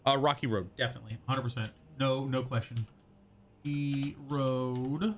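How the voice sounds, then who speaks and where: Bright-voiced chatty male streamer. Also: mid-range voice, steady tone, fast. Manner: rambling, chatty, reads and answers chat aloud. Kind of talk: casual live-stream chat.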